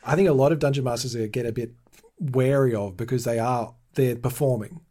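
A man's voice: mid-range voice, a little fast, warm tone, breathy edge. A man hosting an interview, asking questions with eager enthusiasm. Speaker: podcast host, interviewer. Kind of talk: casual interview chat.

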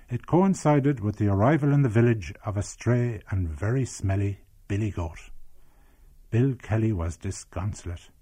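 A man's voice: lowish voice, mellow, slightly rough. Older Irish man narrating lyrically. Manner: lyrical, reminiscent. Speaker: documentary presenter. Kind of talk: scripted narration.

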